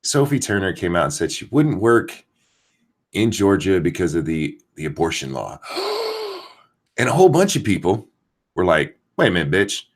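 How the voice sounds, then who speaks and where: A man's voice: low voice, sing-song, normal speed. A man hosting a casual live stream, ranting with profanity and greeting chat viewers by name while keeping his voice down. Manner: keeps voice down so as not to wake someone. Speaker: host.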